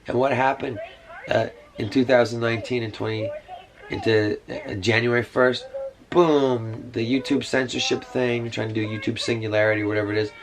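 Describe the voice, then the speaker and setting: A man's voice: medium pitch, flat delivery, moderate pace, rough recording. A man rambling through a casual monologue to camera, meandering with many fillers and side remarks. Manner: meandering, full of fillers and asides. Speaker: vlogger. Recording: music playing behind.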